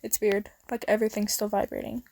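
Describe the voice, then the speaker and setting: A woman's voice: medium pitch, fairly even intonation, fast, vocal fry. Woman voicing a bold flirty listener. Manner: quiet, teasing murmur.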